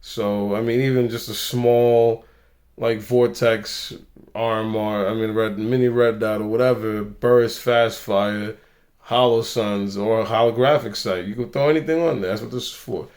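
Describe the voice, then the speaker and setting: A man's voice: lowish voice, steady tone, unhurried, darkish tone. A young man hosting a casual vlog, loose and rambling, telling stories with plenty of swearing. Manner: loose, rambling, profane storyteller. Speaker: channel host.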